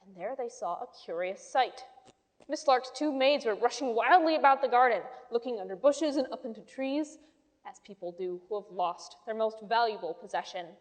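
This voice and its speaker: A woman reading a children's story aloud with lively, expressive storytelling. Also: a little high, normal speed. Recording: long hall reverb.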